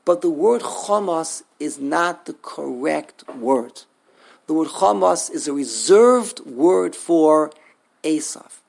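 A man leads a text study class in a gravelly, husky voice that sits a little high. He thinks aloud, stumbles over repeated words, and keeps putting rhetorical questions to his listeners. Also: expressive, takes it slowly, darkish tone. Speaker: Torah class teacher.

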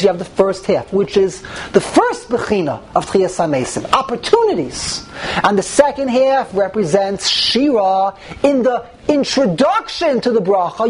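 A woman leads a religious text class in a mid-pitched voice, working through each point out loud. She keeps posing rhetorical questions and then answering them herself. There is a faint hum in the background. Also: poor audio. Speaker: teacher.

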